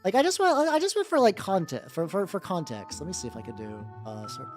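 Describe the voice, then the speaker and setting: Rambling streamer with lively, swooping pitch. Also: fast talker. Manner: rambling, heavy use of 'like', frequent restarts. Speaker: streamer painting miniatures. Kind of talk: casual livestream chat with viewers. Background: faint background music.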